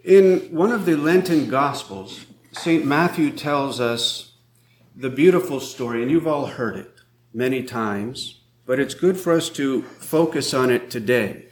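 A priest gives a sermon in an unhurried, deliberate voice of middling pitch. The roomy echo of a church hangs around each phrase. He preaches in a measured, steady way. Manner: slow, measured preaching with scripture readings.

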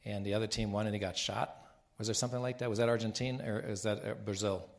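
A man's voice: fairly low pitch, steady tone, fast talker. A man who is a Catholic bishop, telling rambling travel stories in a casual talk with frequent restarts. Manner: rambling anecdotes with laughs and restarts.

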